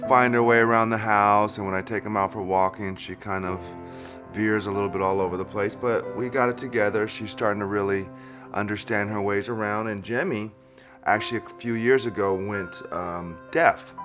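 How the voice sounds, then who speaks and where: Friendly low-voiced dog owner. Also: male voice, normal speed, soft background music. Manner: friendly, relaxed, chuckles. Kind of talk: documentary interview.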